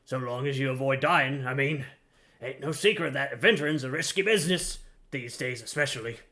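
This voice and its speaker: A man voicing a chatty male ship peddler in a gruff, grizzled voice, reading game dialogue aloud. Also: medium pitch, fairly quick, bright, forceful tone, lightly acted. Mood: folksy. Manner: folksy and rambling, calls listener lad.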